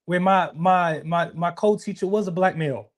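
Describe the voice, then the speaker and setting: A man's voice: high voice, normal speed. A young man, co-hosting a podcast in casual, emphatic conversation and often repeating himself. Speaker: podcast co-host.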